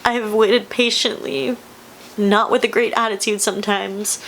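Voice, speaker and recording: A woman's voice: mid-range voice, gravelly, a little hiss or hum. Young woman, vlogger, choked up and giddy, rambling, mid-range voice. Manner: tearful, laughing, rambling with many fillers. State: emotional, close to tears. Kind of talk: emotional personal vlog.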